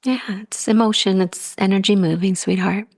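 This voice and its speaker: A woman podcast host guiding a guest through a gentle coaching conversation, soothing and affectionate, often drawing out her phrases. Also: mid-range voice, fairly even intonation, normal speed, no room sound, studio quality.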